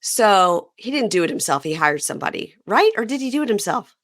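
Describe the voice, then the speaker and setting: A woman hosting a podcast in casual chat, with a vocal fry, telling stories and acting out what others said. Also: medium pitch, fairly quick, no room sound, clean studio sound. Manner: animated storytelling, acts out quotes. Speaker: podcast host.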